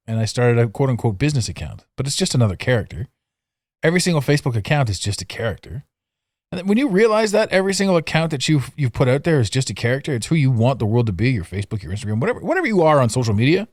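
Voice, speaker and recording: A middle-aged man hosts a solo podcast, chatting casually and poking fun at himself, laughing at his own jokes. He swings between sudden loud bursts and quiet asides, recorded audio-only on a studio mic with a dry, clean sound.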